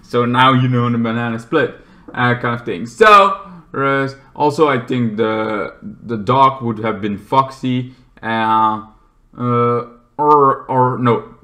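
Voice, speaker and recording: The medium-pitched reviewer goes slowly here, rambling casually about a film. He restarts often and now and then shouts loudly while acting scenes out.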